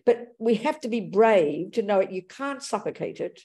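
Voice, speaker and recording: A woman's voice: mid-range voice, expressive, normal speed, warm tone. Woman dharma teacher, blunt but tender with endearments, middle-range voice. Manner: frank and affectionate, calls people darling and sweetie. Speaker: Buddhist teacher. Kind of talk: dharma talk answering audience questions.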